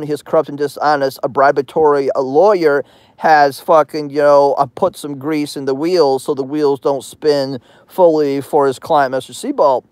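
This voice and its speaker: Woman ranting slow and crude, threatening, lots of you know and uh, dry close sound. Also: low voice, a little mellow, smooth, dry recording. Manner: angry, threatening, crude, meandering. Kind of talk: profane vlog rant.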